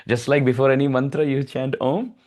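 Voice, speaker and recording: A man giving a devotional discourse, telling sacred stories with lively expression and reciting Sanskrit verses. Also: mid-range voice, fairly quick. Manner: animated storyteller, acts out baby voices and chants Sanskrit verses. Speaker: spiritual speaker.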